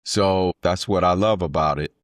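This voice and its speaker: A man's voice: low-pitched, moderate pace, no room sound, clean studio sound. A man hosting a podcast, talking in a laid-back, affirming way. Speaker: podcast host. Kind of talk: casual interview talk. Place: in Thailand.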